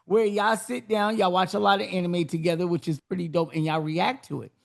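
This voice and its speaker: A podcast host interviewing a guest, hyped and encouraging, giving big shout-outs. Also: medium pitch, steady tone, brisk, gravelly.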